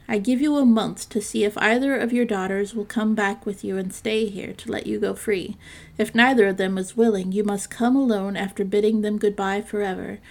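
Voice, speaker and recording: A woman's voice: mid-range voice, vocal fry, a little mellow. A woman voicing an angry male beast who rules an enchanted palace, speaking sternly and grimly in a storybook reading. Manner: stern, threatening, grim.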